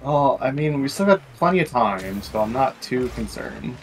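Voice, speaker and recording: Man, casual gaming banter, joking, laid-back, animated pitch. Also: normal speed, noisy background. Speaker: gamer and co-host.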